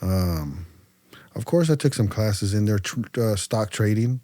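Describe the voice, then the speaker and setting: A man's voice: on the low side, unhurried, no echo. A man from California's Central Valley, a podcast guest telling his story in a casual, slangy way, acting out the dialogue with plenty of fillers. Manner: animated storyteller who acts out dialogue, slangy, many fillers.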